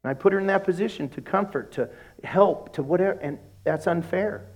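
A middle-aged man preaching a sermon as a pastor, telling humorous stories and acting out conversations in a lowered voice. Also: fairly quick. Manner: animated, humorous storytelling that acts out dialogues in a lowered voice.

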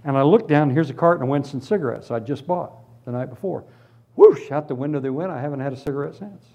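A man telling his conversion story as a sermon, with lively storytelling that moves from hushed tones to shouted praise. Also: mid-range voice, fast. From Florida, US. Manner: animated storytelling, drops to hushed tones then bursts into shouts. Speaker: preacher giving testimony. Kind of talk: testimony sermon.

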